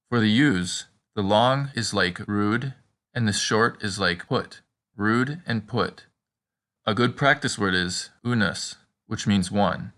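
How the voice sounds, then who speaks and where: A man teaching in a measured instructional voice, slowly modeling example words. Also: lowish voice, bright, forceful tone. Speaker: language teacher. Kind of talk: instructional narration.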